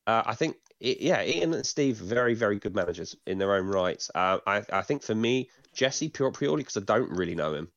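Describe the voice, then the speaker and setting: A man's voice: fairly low pitch, expressive, fairly quick, hardly any pauses, no echo, muffled recording. A man co-hosting a podcast, chatting casually with lots of fillers, restarts and casual swearing. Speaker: podcast co-host. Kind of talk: casual chat.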